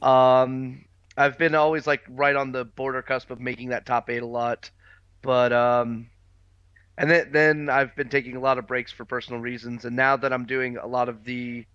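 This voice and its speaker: A man with a cold, a guest on a casual gaming podcast, who talks haltingly with many fillers. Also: mid-range voice, little pitch movement, fairly bright tone, smooth, dry recording, dull audio. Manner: halting, fills pauses with uh and um. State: congested from a cold.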